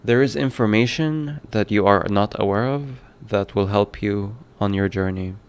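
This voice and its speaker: A man's voice: lowish voice, normal speed, clear, resonant tone. A man who develops indie games, talking casually on a stream with lots of fillers and self-corrections. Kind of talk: casual livestream talk.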